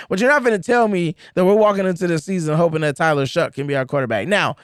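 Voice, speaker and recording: Animated, emphatic man, higher voice. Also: quick pace, clear, resonant tone, dry recording, clean studio sound. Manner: animated, emphatic, repeats words for effect. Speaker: podcast co-host. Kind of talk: casual sports chat.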